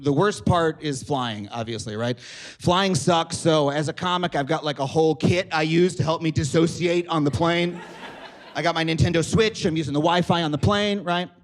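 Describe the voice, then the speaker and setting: A man performing a stand-up comedy set on a theater stage, telling stories with acted-out quotes. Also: a little high. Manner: animated storytelling with acted-out quotes. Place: theater stage before a live audience. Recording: live audience laughter behind.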